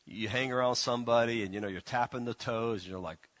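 A male pastor delivering a loose, conversational sermon, teasing his listeners and stumbling through restarts and fillers. His voice sits at a middle pitch. The recording is dry and close, with no room echo. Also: fairly bright tone. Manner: folksy, teasing, halting with many restarts and fillers. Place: church.

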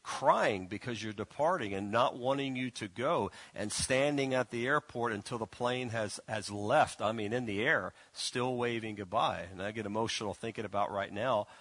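A pastor with a lowish, fairly bright voice preaches casually in church without any echo in the sound. His manner is teasing and folksy, and he keeps stumbling, restarting and reaching for fillers as he goes.

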